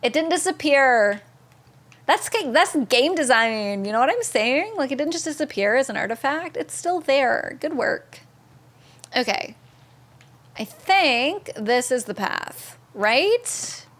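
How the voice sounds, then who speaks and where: Chatty high-voiced woman game streamer. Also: very animated, slow, a bit bright. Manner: chatty and upbeat, thanks chat viewers by name. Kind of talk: casual live-stream commentary.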